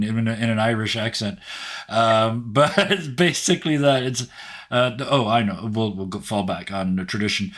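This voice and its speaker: Low, husky man playing a tabletop game. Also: lively intonation, unhurried, long pauses, fairly bright tone. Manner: laid-back, joking, chuckling. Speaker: player. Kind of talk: casual role-play chat.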